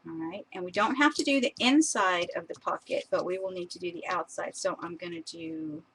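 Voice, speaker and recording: A woman's voice: lowish voice, lively intonation, a little fast, fairly bright tone, a little hiss or hum, low-quality recording. A woman chatting casually as she shows craft papers on a live stream, laughing often and admiring each sheet.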